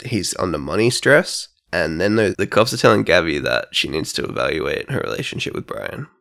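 A young man co-hosting a podcast, talking casually and thinking aloud with pauses. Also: deep voice, very animated, a bit bright. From Australia. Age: young adult. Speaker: podcast co-host. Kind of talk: casual chat.

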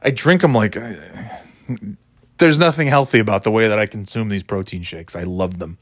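A man's voice: lowish voice, moderate pace, no echo, studio quality. A man vlogging at home, talking in a rambling, self-deprecating, casually profane way. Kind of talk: casual monologue to camera. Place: at home in a living room.

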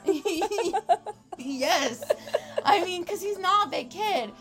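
A woman's voice: very high voice, takes it slowly, over music. A woman in her twenties telling a wild story in casual chat, laughing often and acting out what people said. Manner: animated, laughing, acts out quotes. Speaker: podcast co-host.

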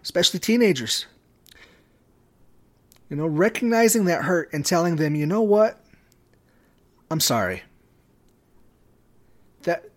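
A man giving a devotional talk, his voice sitting a little high. He takes his time, speaking slowly and pausing often between phrases. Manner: slow, measured delivery with long pauses. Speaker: podcast host.

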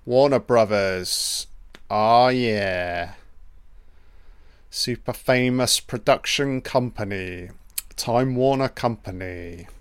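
Slow-talking, sweary man reacting to a film. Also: mid-range voice, smooth, no room sound. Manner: profane, excitable running reactions. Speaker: film commentary host. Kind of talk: casual film commentary.

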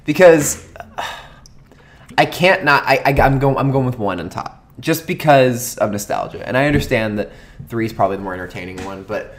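A man's voice: mid-range voice, moderate pace. A man in a casual movie review chat, blunt and sarcastic about the films. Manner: blunt, sarcastic, lively delivery.

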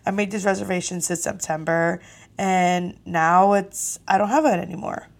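A young woman hosting a podcast, telling a story casually with lively, profane, exasperated energy. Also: on the low side, normal speed, creaky. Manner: animated, profane, exasperated retelling. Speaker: podcast host.

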